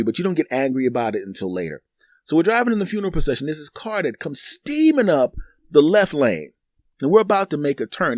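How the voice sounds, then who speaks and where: A man's voice: a little high, no room sound, clean studio sound. Rambling middle-aged man telling stories. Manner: rambling, repeats words, acts out both sides of dialogue. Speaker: podcast host. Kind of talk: casual storytelling monologue.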